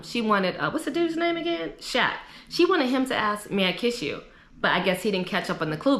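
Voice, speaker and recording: Young woman, chatty opinionated recap vlogger, echoey room. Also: mid-range voice. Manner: chatty, opinionated, animated asides. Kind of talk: casual chat.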